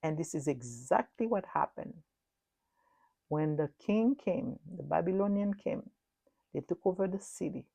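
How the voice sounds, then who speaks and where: A middle-aged woman delivering a prophetic sermon. She speaks earnestly and repeats herself, swinging between loud and hushed. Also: on the low side, expressive, unhurried, gravelly, slightly rough, no room sound. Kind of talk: prophetic sermon recounting a dream.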